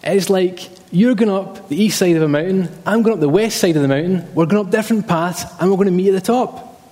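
Guy putting on a preachy glaswegian dad, raised pitch, mellow tone, big hall echo. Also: a little fast, lightly acted. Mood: lecturing. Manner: lecturing, insistent. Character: ranting middle-aged Glaswegian dad.

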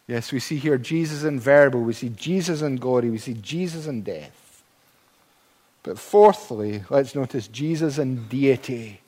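A man's voice: mid-range voice, darkish tone, big-room sound. A man preaching a sermon in church, emphatic, with dry humorous asides.

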